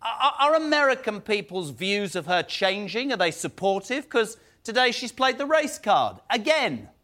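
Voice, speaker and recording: A man hosting a TV debate, asking pointed questions in an emphatic, animated way. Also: high voice, normal speed. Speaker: stand-in talk show host.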